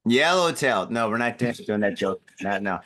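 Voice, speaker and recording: A man's voice: mid-range voice, lively intonation, moderate pace, a bit bright. A drunk man hosting a show, telling stories in a rambling, profane way with many restarts. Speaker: podcast host. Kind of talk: casual chat.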